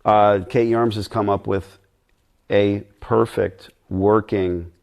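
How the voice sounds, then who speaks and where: A man's voice: fairly low pitch, fairly even intonation, slow pace, vocal fry, darkish tone. A middle-aged man chatting bluntly and ramblingly as a guest on a live stream Q&A.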